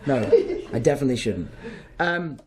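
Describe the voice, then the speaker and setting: A man's voice: mid-range voice, very animated, normal speed. A young man from England with an English accent, an actor chatting playfully and laughing through stories in a press interview. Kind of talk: casual press junket chat.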